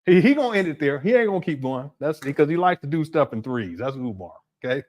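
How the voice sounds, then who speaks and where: Livestream host, man, high lively voice, giggly and mocking. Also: fast. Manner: laughs constantly, mocking. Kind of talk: casual livestream commentary.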